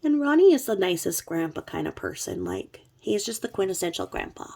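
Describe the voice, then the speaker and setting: A woman's voice: medium pitch, wildly swooping pitch, fairly quick, warm tone. A woman who is sick with covid, talking in a chatty, blunt, rambling way and swearing freely. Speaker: true crime commentary host. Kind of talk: casual rambling commentary.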